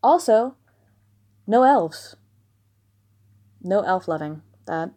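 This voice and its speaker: Speaking very slowly yet animated, a warm-voiced woman of medium pitch from the American South reads out listener questions at home, a dog close by. Her answers in this casual Q&A monologue are frank and blunt, sprinkled with giggling asides.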